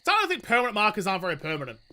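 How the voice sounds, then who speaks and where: A man's voice: sits high, huge pitch swings, rapid-fire, sharp tone. A young man chatting casually while streaming a game, swearing freely and answering viewer questions. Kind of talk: casual live-stream chat while gaming.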